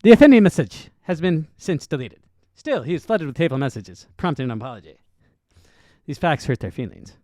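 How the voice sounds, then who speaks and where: A man doing a fast-talking male pundit who rattles off news copy in clipped bursts, then stops short. The voice sits a touch high and swings up and down a lot. It sounds close and dry, with no room in it. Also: big pitch swings, warm tone, dry recording. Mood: mock-serious. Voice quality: rapid clipped delivery with pauses. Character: male conservative pundit reading news rapid-fire. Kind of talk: mock news reading impression.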